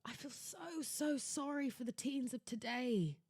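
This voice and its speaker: A woman's voice: high-pitched, a little slow, darkish tone, husky, dry recording, studio quality. A young woman hosting her own podcast, ranting theatrically and sarcastically about shopping. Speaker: podcast host. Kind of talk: casual solo podcast rant. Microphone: laptop setup at home.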